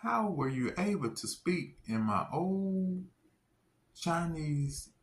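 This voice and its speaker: A man voicing a surprised female doctor, asking slow, astonished questions in a raised pitch. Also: lively intonation. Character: surprised female doctor, middle-aged woman.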